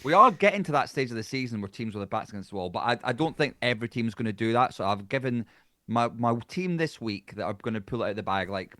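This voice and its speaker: A man with a Scottish accent chatting bluntly as a podcast guest, swearing freely and animated. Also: medium pitch, fast, dry recording, studio quality. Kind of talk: casual chat.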